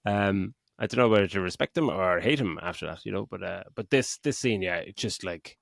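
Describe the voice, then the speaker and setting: A man's voice: deep voice, fairly quick, gravelly, dry recording. Sweary middle-aged man, dry close sound. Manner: animated, sweary, acts out quotes. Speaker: podcast co-host. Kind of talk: casual film chat.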